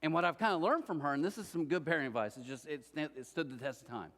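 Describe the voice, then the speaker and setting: A man's voice: a little high, fast talker. A middle-aged man preaching a sermon as pastor, telling humorous stories and speaking directly to the congregation. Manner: lively humorous storytelling, addresses the congregation directly. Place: church auditorium. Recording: reverberant church hall.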